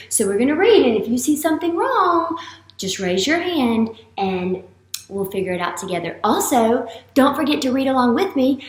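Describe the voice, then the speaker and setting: Animated woman teacher in an echoey room. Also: fairly high pitch. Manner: animated, playful, exaggerated teacher voice. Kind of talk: classroom morning message to young students.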